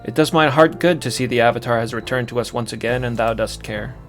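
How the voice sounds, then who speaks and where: A man voicing a grateful, gentle mother from a role-playing game, reading her lines in a soft, earnest hush. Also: mid-range voice, fast talker, soft background music, close to an everyday voice. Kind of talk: reading game dialogue aloud.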